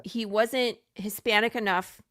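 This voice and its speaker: A woman hosting a live chat show, bubbly and quick to laugh, reading viewer comments as she goes. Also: medium pitch, fairly even intonation, a bit bright. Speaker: host. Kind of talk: casual live-stream chat.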